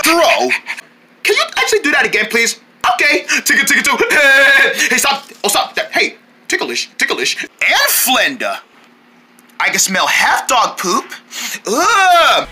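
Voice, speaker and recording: A woman's voice: high-pitched, big pitch swings, unhurried, sharp tone, slight background noise. A woman performing playful skits and mock ads, switching between silly character voices.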